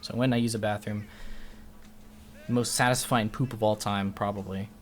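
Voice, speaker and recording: This livestreamer's voice sits on the low side, with fairly even intonation and a normal speed. He tells a story in a loose, foul-mouthed, rambling way, constantly breaking off to restart what he's saying.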